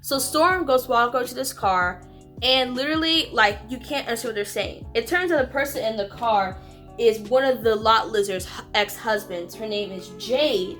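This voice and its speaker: A woman's voice: on the high side, normal speed, fairly bright tone. A woman reviewing a movie in a casual, rambling way, with lots of "like". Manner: rambling, frequent "like". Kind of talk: casual chat. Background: music.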